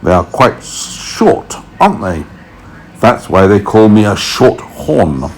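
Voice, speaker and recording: A man's voice: fairly low pitch, big pitch swings, slow pace, gravelly, slight background noise, exaggerated voice. A man voicing an old male grasshopper musician in a storybook, polite and a bit pompous as he explains things. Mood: lecturing. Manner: polite, slightly pompous lecturing.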